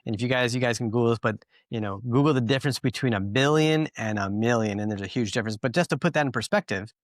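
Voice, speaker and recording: A man's voice: mid-range voice, fast talker, no room sound, clean studio sound. A man hosting a podcast, telling a story in a rambling, casual way full of fillers. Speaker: podcast host.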